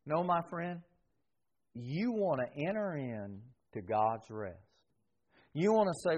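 A man preaching a sermon as pastor, swinging between loud emphasis and soft, quiet passages. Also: mid-range voice, big pitch swings, unhurried. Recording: dull lo-fi sound.

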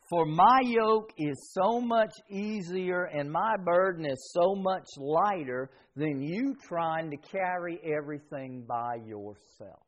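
Lively high-pitched man preaching a sermon. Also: takes it slowly. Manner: preaching with strong swings between loud emphasis and soft, quiet delivery. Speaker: pastor. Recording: dull lo-fi sound.

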